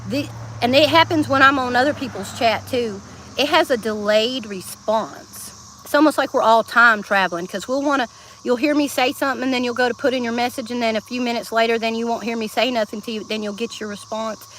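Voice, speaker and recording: A high-pitched woman with a Southern accent chats freely with her live-stream viewers from outdoors. She laughs a lot and sings bits of songs as she goes. Faint insect sounds hum behind her phone mic. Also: brisk, fairly bright tone. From Georgia, US South. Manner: chatty, laughs often, sings snatches of songs. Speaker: livestreamer. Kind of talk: casual live-stream chat.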